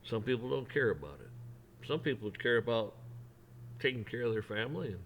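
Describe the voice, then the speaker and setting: A man's voice: mid-range voice, lively intonation, a little fast, muffled recording, slight background noise. A man ranting on a vlog in a folksy, rambling, blunt way. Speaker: vlogger. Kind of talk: opinion rant.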